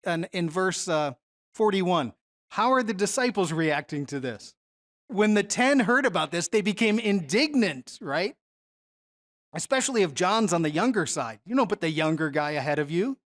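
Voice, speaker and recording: A Bible teacher leading a Bible study lesson in a relaxed, conversational way, often stopping to put questions to the listeners. The voice sits at an ordinary middle pitch. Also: moderate pace. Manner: conversational, asks the audience questions.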